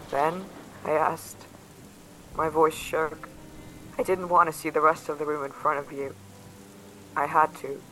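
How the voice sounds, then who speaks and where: Casting: man voicing a brooding narrator, flat delivery, slightly high, bright, audio drama. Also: a little hiss or hum, rough recording. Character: guilt-ridden young narrator, desperate.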